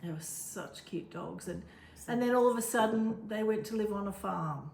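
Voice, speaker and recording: A woman's voice: medium pitch, moderate pace, vocal fry, hardly any pauses, a little mellow. A woman in casual chat as a co-host, rambling and laughing easily. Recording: echoey room with faint noise.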